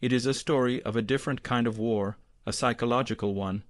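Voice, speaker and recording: An audiobook narrator with an ordinary mid-pitched male voice reads scripted narration in a measured, grave storytelling style. His tone stays steady. The recording is dry and close-miked, with no room sound or echo.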